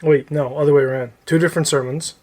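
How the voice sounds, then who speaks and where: A man co-hosting a casual podcast, reacting quickly and correcting details, with casual swearing. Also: a little high, steady tone, a little mellow. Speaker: podcast co-host.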